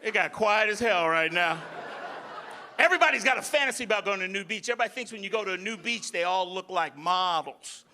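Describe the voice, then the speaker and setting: A man doing loud, profane stand-up comedy on a club stage and teasing the audience. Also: high-pitched, lively intonation, fast talker. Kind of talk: live stand-up comedy with crowd work.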